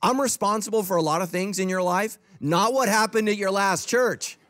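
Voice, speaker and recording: A man's voice: sits high, moderate pace, a bit bright. A middle-aged man preaching a sermon as a pastor, humorous and conversational.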